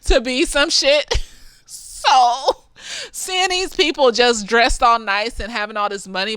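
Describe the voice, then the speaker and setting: Lively, profane woman reviewer, slightly tipsy. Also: a little high, smooth, no room sound. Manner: animated, profane, laughs often. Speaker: therapist reviewing a movie. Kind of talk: casual chatty review.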